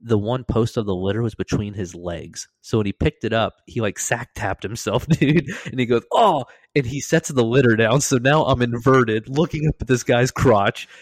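A man hosting a podcast, telling a story in a casual, animated way, swearing freely and acting out what others said. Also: medium pitch, normal speed, few pauses, no room sound. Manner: animated, profane, acts out quoted lines. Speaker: podcast host.

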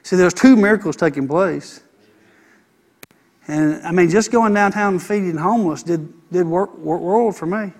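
A man delivers a sermon from the pulpit, his voice sitting notably high for a man. He is emphatic, stacking phrase on repeated phrase to press each point home. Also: moderate pace. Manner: emphatic preacher, repeating phrases in building runs. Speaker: pastor.

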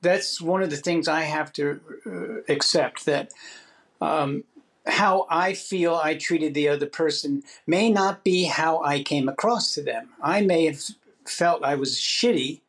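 Podcast co-host, man, slightly high voice, reflective chat. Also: a little slow, fairly bright tone. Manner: reflective, acts out his own inner voice. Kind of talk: casual chat.

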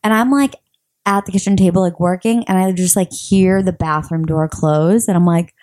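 A young woman, co-hosting a casual podcast and telling stories with lively acted-out quotes. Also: on the low side, moderate pace, dry recording, clean studio sound. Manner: animated storytelling, acts out quotes. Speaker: podcast co-host. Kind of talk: casual chat.

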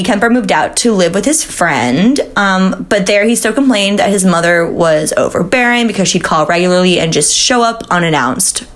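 A woman co-hosting a true-crime podcast, telling the story in a casual, chatty way with fillers, swearing and laughs. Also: medium pitch. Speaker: podcast co-host.

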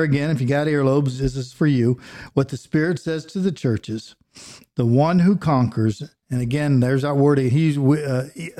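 A man, a pastor and podcast co-host, teaching a Bible passage verse by verse in an earnest preaching manner that drops to a hush on solemn points. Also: medium pitch.

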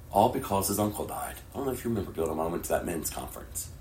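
Middle-aged male pastor, low-pitched, passionate sermon delivery with whispered lows, roomy echo. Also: sing-song, a little fast, a little hiss or hum. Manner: swings from hushed whispers to loud, impassioned preaching. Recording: echoey room with faint ambience.

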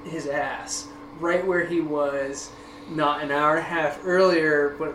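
A man hosting a podcast, telling a story in a casual, animated way, swearing freely and laughing often. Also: fairly high pitch, takes it slowly. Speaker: podcast host. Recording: echoey room with background noise.

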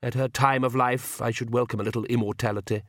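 A man's voice: medium pitch, steady tone, quick pace, dry recording, clean studio sound, natural voice. A man voicing a suave, menacing aristocratic male vampire count with a mocking drawl in an audiobook. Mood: smooth menace.

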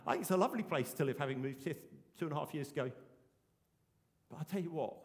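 High-voiced preacher in a reverberant hall. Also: male voice. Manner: earnest, emphatic preaching with repeated phrases. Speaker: pastor. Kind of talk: sermon.

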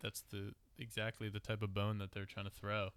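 Sardonic, low-voiced podcast co-host man. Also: completely flat delivery, brisk, a bit bright, smooth, no room sound. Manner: sardonic, joking, profane. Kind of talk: casual political chat.

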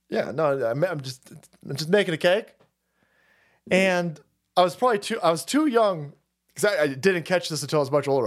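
A man hosting a livestream, ranting casually to chat, swearing constantly and laughing between stories. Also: fairly high pitch. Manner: swears constantly, laughs often, animated storytelling. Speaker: livestream host reading chat. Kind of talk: profane casual rant.

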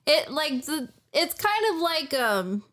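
A young woman co-hosting a podcast in casual chat, chatty and full of fillers and quick agreement. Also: sits high, sing-song, a bit bright. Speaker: podcast co-host.

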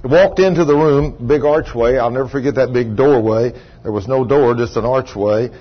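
A man's voice: mid-range voice, moderate pace, breathy edge. A middle-aged man preaching a sermon as a story, folksy in tone and rising to emphatic outbursts. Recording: dull lo-fi recording.

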